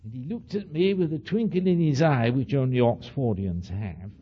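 Husky man with an accent, lively storyteller. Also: mid-range voice, moderate pace. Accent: non-native English accent. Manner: animated, digressive storyteller with frequent "you see". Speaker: speaker addressing an audience. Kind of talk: anecdotal storytelling lecture. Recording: dull lo-fi old recording.

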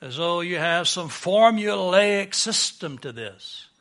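Bright-voiced man preaching a sermon. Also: high voice, lively intonation, takes it slowly. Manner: earnest preaching, builds emphasis and swells louder on key points. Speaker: pastor.

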